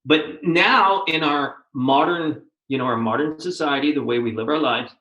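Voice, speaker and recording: A man's voice: on the high side, moderate pace. Earnest male interview host, echoey room. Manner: earnest, animated, often restarts phrases. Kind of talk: conversational interview.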